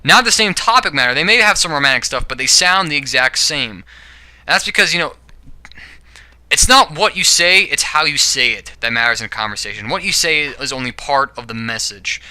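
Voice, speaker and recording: Bright, rambling young-sounding man. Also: medium pitch, lively intonation, normal speed, dry recording. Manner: rambling, with frequent "you know" and "all right?"; self-correcting, stumbling restarts. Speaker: video blogger. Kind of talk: casual opinion monologue.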